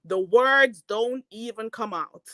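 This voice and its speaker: A woman's voice: on the high side, slow pace, pushed and bright, no room sound. A woman hosting a commentary channel, ranting in a heated, mocking and profane way. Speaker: YouTube commentary host.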